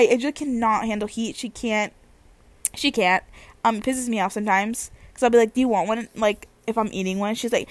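A young woman telling a casual story as a vlogger, animated and slangy, swearing freely. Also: on the high side, a little fast, no echo.

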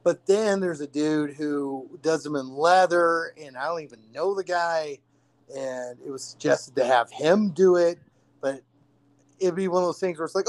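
A man's voice: on the high side, moderate pace, no room sound. A man co-hosting a podcast in casual chat, telling stories with acted-out quotes and plenty of swearing. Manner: animated, profane storytelling with acted-out quotes. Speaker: podcast co-host.

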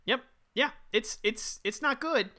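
A man's voice: very high-pitched, a little slow, sharp tone. A man co-hosting a casual movie review podcast, ranting bluntly and profanely. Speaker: podcast co-host.

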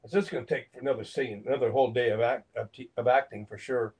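A man's voice: medium pitch, steady tone, quick pace, darkish tone, breathy edge, rough recording. An older man from Phoenix, an actor, telling a story in an interview, acting out quotes and laughing between lines. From Phoenix, Arizona, USA. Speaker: actor and guest.

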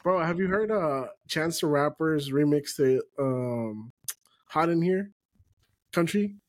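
A man's voice: on the high side, animated, takes it slowly. A man hosting a casual podcast chat, enthusiastic and swearing freely. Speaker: podcast host.

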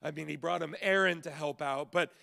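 A man pastor giving a sermon at a church service in a lively, conversational way, with frequent stammered restarts. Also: a little high, brisk, creaky.

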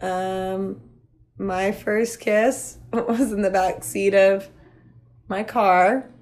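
A hoarse woman co-hosting a podcast, telling crude stories candidly and animatedly in a casual chat. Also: medium pitch, fairly even intonation, extremely slow, a little mellow. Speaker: podcast co-host.

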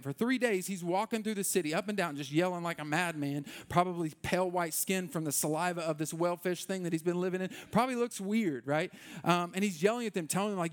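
Male preacher, high voice, informal sermon, loose and repetitive. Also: a little fast. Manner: informal, repeats words, restarts. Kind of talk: conversational sermon.

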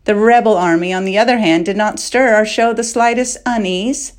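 A woman narrating a fantasy audiobook chapter with measured, dramatic storytelling. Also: medium pitch. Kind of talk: scripted narration.

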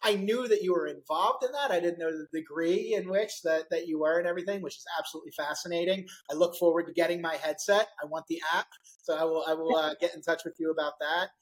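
A middle-aged male podcast host in a relaxed conversation. He tells his story with animated energy and throws himself into every quoted line. The delivery stays conversational and loose throughout. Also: fairly high pitch, fast talker, poor audio. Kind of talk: casual interview storytelling.

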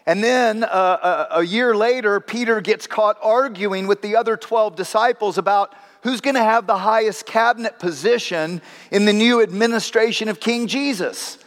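A man's voice: high voice, normal speed, fairly bright tone. A male pastor preaching a sermon, telling stories with acted voices and wry asides. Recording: long hall reverb.

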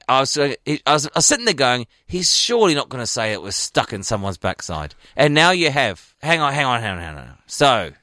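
A man co-hosting a comedy radio show, reacting quickly and thinking aloud in mock theories. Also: mid-range voice, sharp tone, dry recording, clean studio sound. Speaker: radio co-host. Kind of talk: comic sports radio chat.

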